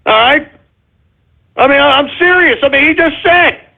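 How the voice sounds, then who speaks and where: High-voiced, ranting male radio host. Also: moderate pace, gravelly. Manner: profane, sarcastic, combative. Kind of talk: ranting political talk radio commentary. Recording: phone-like lo-fi radio audio.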